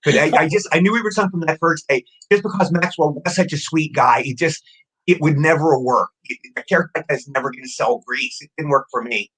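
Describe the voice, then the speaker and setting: Guy in his 60s telling stories super fast, kinda husky, trips over his words. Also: on the high side, low-quality recording. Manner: rapid, excitable anecdotes with repeated words. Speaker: actor guest. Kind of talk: casual interview storytelling.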